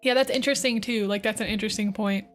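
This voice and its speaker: A young woman streaming as a VTuber, talking fast and chatty to her chat while giving voice tips. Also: mid-range voice, steady tone, soft background music. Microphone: close desk microphone.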